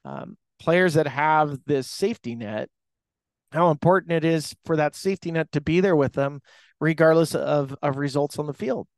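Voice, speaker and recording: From an airport restaurant bar, a man hosts a baseball podcast in a casual, rambling sports monologue full of restarts and fillers. His voice runs on the high side at a moderate pace, and the recording is dry.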